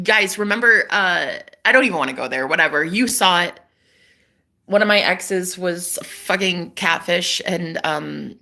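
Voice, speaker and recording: Bright, animated woman livestreaming. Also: lowish voice, vocal fry. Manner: animated, swears freely, laughs often. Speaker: psychic reader livestreaming. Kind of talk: casual livestream chat.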